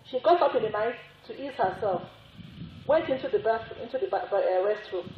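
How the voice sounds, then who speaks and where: A religious sister giving a sermon, telling a story with repetition and emphatic rising exclamations. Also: female voice, fairly high pitch, expressive, brisk, a little hiss or hum. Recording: echoey, phone-like narrow sound.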